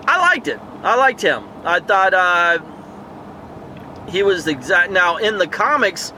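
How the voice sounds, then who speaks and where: A man's voice: on the high side, pushed and bright, a little hiss or hum. A man giving a casual, rambling movie review outdoors at night, thinking aloud with many fillers and tangents. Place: outdoors in a town area at night.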